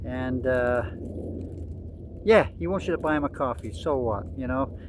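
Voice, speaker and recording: A man's voice: mid-range voice, a little slow, noisy background. A man in his sixties giving casual, rambling commentary with frequent fillers and restarts. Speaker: vlogger.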